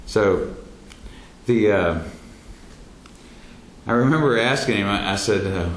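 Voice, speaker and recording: Low-voiced man telling a story. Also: lively intonation. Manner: halting, many fillers and restarts, rising into shouted quotes. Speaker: speaker telling his near-death experience. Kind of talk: personal storytelling talk. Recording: roomy echo, faint background noise.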